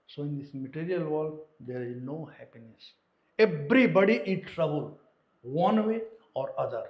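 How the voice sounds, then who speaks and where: A man with an Indian accent giving a devotional sermon as a visiting teacher, telling stories with humor. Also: sits high. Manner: animated storytelling with humor. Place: lecture room in a home. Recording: echoey room, dull lo-fi sound.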